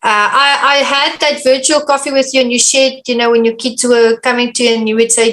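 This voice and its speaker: A woman's voice: fairly high pitch, brisk, hardly any pauses, a bit bright. A woman hosting an interview, affirming her guest and relating her own experience before asking a question. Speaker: podcast host. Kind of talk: interview conversation.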